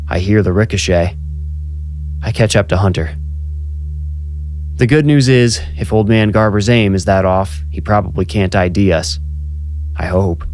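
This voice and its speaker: A man's voice: sits low, a little mellow. A man narrating a first-person horror story in a tense, conversational storytelling manner.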